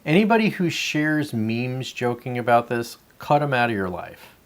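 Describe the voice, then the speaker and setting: A man's voice: medium pitch, animated, normal speed. Guy rambling on his livestream, chatting with viewers and sipping coffee, ordinary mid voice. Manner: rambling, talks to chat viewers by name; sips coffee between remarks. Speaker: livestream host. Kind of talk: casual solo livestream chat.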